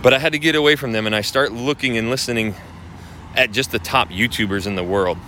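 A man's voice: medium pitch, fast talker, sharp tone, a little hiss or hum. A man coaching real estate agents on video marketing, talking casually to camera in a blunt, profane, ranting manner.

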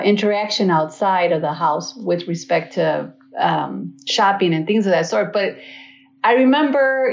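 A woman on a discussion panel telling a personal story in a deliberate, pointed way. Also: medium pitch. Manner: deliberate and pointed, spells things out slowly. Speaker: panel guest. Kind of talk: conversational storytelling. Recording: dull echoey room sound.

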